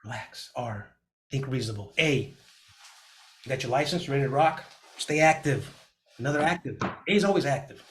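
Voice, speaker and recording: Energetic middle-aged man teaching real estate. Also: medium pitch, normal speed, long pauses. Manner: energetic, acts out panicked clients in a raised voice. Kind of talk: motivational class talk. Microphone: video call.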